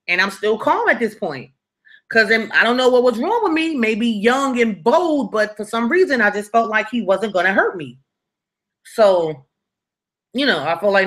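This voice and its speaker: A woman's voice: mid-range voice, animated, normal speed, bright, forceful tone. A young woman telling a dramatic story from her past to her viewers in a casual, conversational way, often checking in with "right?" and "you feel me". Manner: dramatic and conversational, with frequent tag questions to the viewer. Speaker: storytime vlogger.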